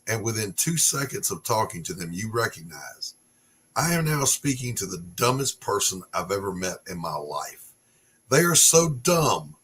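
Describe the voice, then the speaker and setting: A man hosting a casual livestream chat, gruff and profane, who is a former Marine drill instructor. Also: lowish voice, fairly bright tone, a little hiss or hum. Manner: gruff, profane, shifts into a barking command voice.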